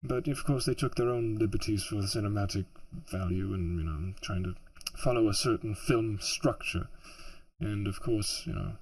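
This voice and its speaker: A man's voice: on the low side, moderate pace. A man who produces audiobooks, rambling casually through interview answers with many fillers and restarts.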